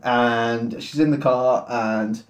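A man's voice: mid-range voice, steady tone, takes it slowly. A young man co-hosting a comedy podcast, retelling a film in a rambling, profane way with mock quotes. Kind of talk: crude comedic film recap. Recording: roomy echo.

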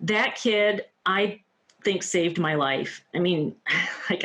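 This interview-show guest, a woman in her fifties, speaks slowly in a low, slightly bright voice. She tells her personal story in an earnest, heartfelt manner, filling it with "you know" and "like."

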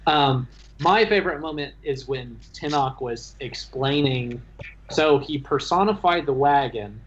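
A man, the dungeon master, chatting about his tabletop game session in a halting, restarting way. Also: mid-range voice, slight background noise. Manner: halting, stumbling restarts, laughs while telling. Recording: dull lo-fi sound.

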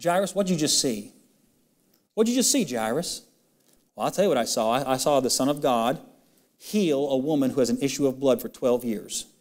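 A male pastor preaching a sermon and reading scripture. He is impassioned, and his voice climbs high on emphatic questions. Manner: reads old-style scripture in a quick, steady run.

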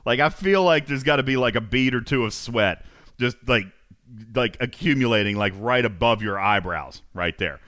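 Playful livestream host man, lively voice. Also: mid-range voice, moderate pace, no room sound, studio quality. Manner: joking, laughs often, sing-song announcing. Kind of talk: casual livestream chat.

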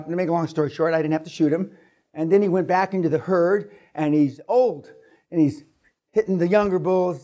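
A man speaking at a seminar, telling a story to the room in a loud, profane way and acting out sounds as he goes. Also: high voice. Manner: profane, lively storyteller who acts out sounds. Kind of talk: storytelling to a live audience.

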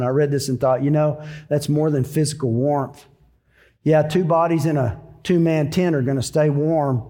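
A man's voice: fairly high pitch, fairly even intonation, moderate pace, warm tone, long reverb tail. A middle-aged man preaching a sermon, telling stories in a folksy, conversational way. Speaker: pastor.

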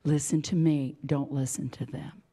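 A woman voicing God, low and hushed. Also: steady tone, moderate pace, husky. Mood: tender. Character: God, gentle patient fatherly deity, male. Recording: reverberant hall.

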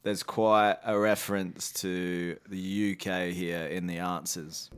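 A man's voice: deep voice, flat delivery, slow, background noise. A young man co-hosting a podcast, running a quiz with casual banter and laughing often as he teases. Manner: laughs often while teasing.

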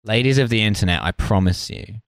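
A man's voice: lowish voice, fairly quick, dry recording, clean studio sound. A man co-hosting a podcast, joking around in casual banter with mock-serious asides. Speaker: podcast co-host.

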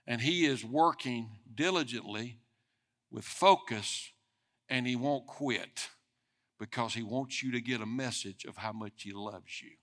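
A man's voice: mid-range voice, a little slow. Man preaching a conversational sermon. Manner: conversational preaching, speeding up and swelling in loudness for emphasis. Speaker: pastor.

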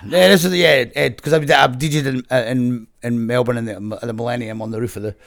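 A middle-aged Scottish man telling a wild story to an interviewer, animated and sweary, laughing as he goes. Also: mid-range voice, fast, gravelly. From Scotland. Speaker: guest. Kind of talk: casual storytelling.

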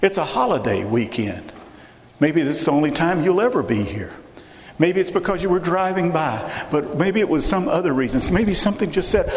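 A man's voice: fairly high pitch, sing-song, moderate pace. A man preaching a sermon as pastor, speaking earnestly and directly to the congregation and repeating phrases for emphasis. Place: church sanctuary. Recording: echoey hall with long reverb, faint hiss.

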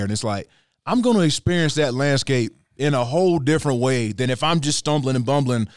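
A man's voice: medium pitch, animated, fast, no echo, clean studio sound. A man chatting casually on a hunting podcast, rambling with lots of "you know what I mean". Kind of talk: casual chat.

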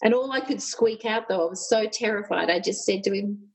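A middle-aged woman recounting her path from nursing to union leadership. Her voice is husky and a bit breathy, and she tells her stories candidly and with animation. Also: medium pitch, brisk, low-quality recording. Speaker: union leader and former nurse. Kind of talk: personal storytelling in an interview.

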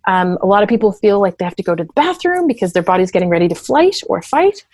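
A woman therapist talks through her ideas in an easy, explanatory way. She sometimes drops into quick acted voices. The sound is dry and close. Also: mid-range voice, very animated, a little mellow, dry recording. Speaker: therapist and parent coach. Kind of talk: conversational interview talk.

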